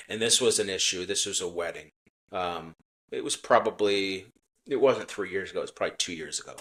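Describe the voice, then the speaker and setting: A middle-aged businessman with a low voice speaks in an earnest, conversational way. He restarts often and acts out quoted exchanges while telling a story to an interviewer. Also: sharp tone. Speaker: menswear company CEO, podcast guest. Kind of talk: casual interview talk, storytelling.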